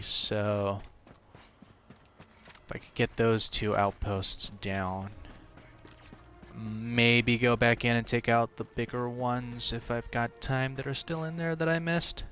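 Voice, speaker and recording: A male game streamer chatting with his viewers mid-match. He talks casually and rambles, leaning on fillers and quick restarts, at a middle pitch for a man. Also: fairly even intonation, a bit bright, slight background noise. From half British. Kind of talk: casual live-stream commentary.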